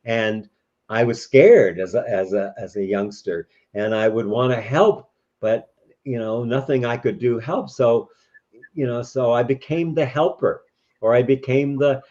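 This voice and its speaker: A man's voice: medium pitch, a little slow, a little mellow. A man talking in an interview, explaining ideas thoughtfully with frequent restarts. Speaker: guest. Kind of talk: reflective interview talk. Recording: dull lo-fi audio.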